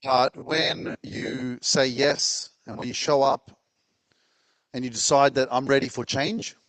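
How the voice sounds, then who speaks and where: A man's voice: mid-range voice, fairly even intonation, takes it slowly, dry recording. A man with an Australian accent hosting a live motivational event, introducing a guest and firing up the crowd. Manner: hypes the crowd, shouting. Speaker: event host and speaker.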